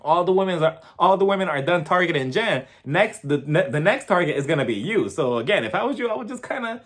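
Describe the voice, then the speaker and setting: A man with a high, expressive voice recaps a reality TV episode at a quick pace. He's casual and gossipy, swearing freely and often breaking into laughter.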